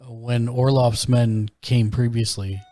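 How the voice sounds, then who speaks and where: A man's voice: medium pitch, flat delivery, unhurried, mellow, no room sound. A man playing an online tabletop game, casually asking the game master questions with fillers. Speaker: player.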